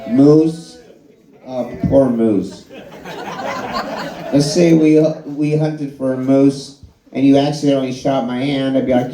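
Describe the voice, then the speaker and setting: A man doing a stand-up comedy set, telling a story in an animated way and swearing freely. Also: mid-range voice, slow pace, pauses often. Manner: animated storytelling, swearing, crowd laughing along. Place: live comedy show at a bar and grill. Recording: echoey bar room with a loud crowd. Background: audience laughing.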